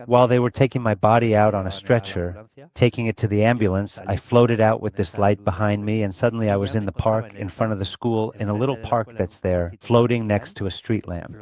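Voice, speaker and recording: Earnest, low-voiced man from Spain. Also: a little mellow. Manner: earnest, reflective, speaks with feeling. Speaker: guest recounting a near-death experience. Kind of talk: emotional personal storytelling in an interview.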